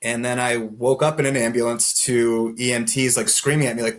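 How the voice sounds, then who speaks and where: A man's voice: medium pitch, steady tone, fairly quick, few pauses, fairly bright tone. Male podcast guest, mid-range voice, rambling candid storyteller, self-deprecating. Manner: rambling, heavy use of "like" fillers; self-deprecating, laughs at himself.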